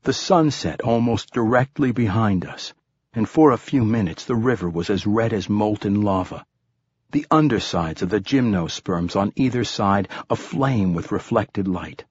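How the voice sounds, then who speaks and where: Casting: calm male audiobook narrator, husky low voice, dry close sound. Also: dry recording. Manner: calm, measured storytelling.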